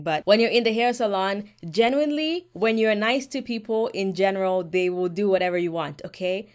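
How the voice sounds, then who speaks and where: A woman's voice: fairly high pitch, expressive, normal speed, hardly any pauses. Frank woman giving hair advice. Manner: frank, emphatic, speaks straight to viewers. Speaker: hair care vlogger. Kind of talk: direct-to-camera advice vlog.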